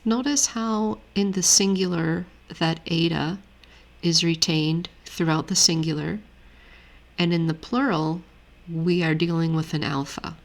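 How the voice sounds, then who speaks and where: A woman with a low voice teaches a grammar lesson. She explains each point in a steady, methodical way, and her voice has a gravelly edge. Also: unhurried. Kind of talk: screen-share lesson walkthrough.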